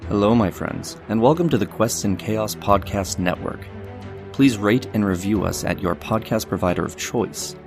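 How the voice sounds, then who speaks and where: A man's voice: lowish voice, normal speed, faint music behind. A man hosting a tabletop game podcast as dungeon master, chatting loosely and laughing with his players. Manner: lively, laughing, loose banter. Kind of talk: casual tabletop game chat.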